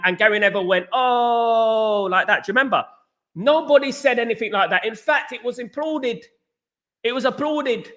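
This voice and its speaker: Bright, high-voiced football host. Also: male voice. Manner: animated, repetitive, addresses viewers as guys. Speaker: podcast host. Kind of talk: casual football opinion chat.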